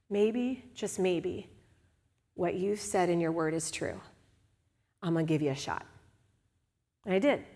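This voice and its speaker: Candid woman preaching in a reverberant hall. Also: fairly high pitch. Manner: candid, conversational preaching with quick swings from hushed to loud. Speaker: speaker at a church service. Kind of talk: sermon.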